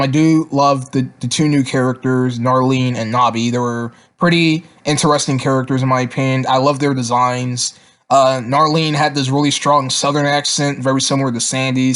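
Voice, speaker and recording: A man's voice: medium pitch, fairly bright tone. A man casually reviewing cartoon episodes, rambling with lots of fillers and repeated words.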